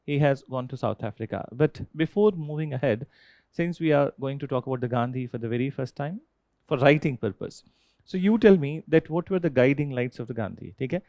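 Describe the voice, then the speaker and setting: A man's voice: medium pitch, a little fast, a little mellow, no echo. A man with an Indian accent teaching a history class, asking students questions and repeating key points with frequent "okay?" checks.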